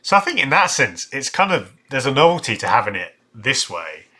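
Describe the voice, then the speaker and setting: A man's voice: mid-range voice, big pitch swings, a little fast, sharp tone. A man hosting a live stream, reviewing football shirts and reading out viewer comments, thinking aloud with many fillers and restarts. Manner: reads out viewer chat comments.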